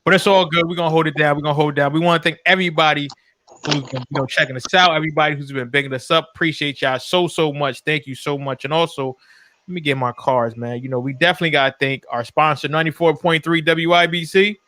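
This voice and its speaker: A man's voice: on the high side, fairly even intonation, fast, sharp tone, slight background noise. A man hosting a casual sports podcast, talking in loose, slangy banter with his co-hosts. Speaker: podcast host.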